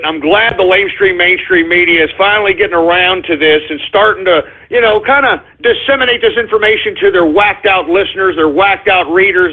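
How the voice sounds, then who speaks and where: A man doing a talk radio host's angry, profane rant, in a high-pitched, husky voice. The sound is thin and phone-like, as if heard over a cheap line.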